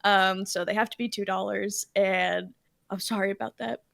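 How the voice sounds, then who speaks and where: A woman's voice: medium pitch, steady tone, normal speed, gravelly, a bit bright, dry recording, studio quality. A woman player on a tabletop show, chatting casually and rambling through her upcoming plans with lots of fillers. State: emotional, near tears. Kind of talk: casual chat, plugging upcoming shows.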